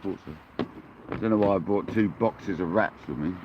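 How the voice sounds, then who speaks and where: English male host, lowish voice, casual and chatty with viewers, calls everyone mate, dull lo-fi outdoor stream audio. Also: moderate pace, noisy background. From England. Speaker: fishing livestream host. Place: outdoors on a kayak at the coast.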